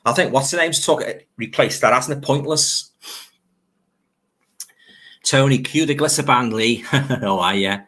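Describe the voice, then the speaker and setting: A man's voice: medium pitch, measured pace, long pauses, sharp tone. An older man, hosting a live stream in a chatty, nostalgic way, reading out viewer comments and laughing easily.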